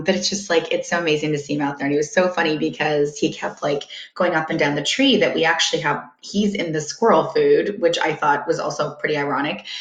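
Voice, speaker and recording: A woman's voice: low voice, reverberant, lo-fi sound. A woman hosting a daily live video from home, chatting casually and rambling a little, laughing easily. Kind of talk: casual live vlog chat.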